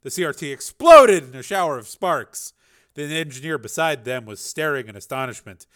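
A man narrating a thriller audiobook in an expressive, dramatic way. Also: a little high, normal speed. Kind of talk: scripted narration.

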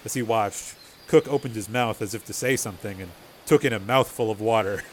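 A man narrating a novel chapter in a steady, measured storytelling voice. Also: fairly low pitch, a little hiss or hum. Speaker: audiobook narrator. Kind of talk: scripted narration.

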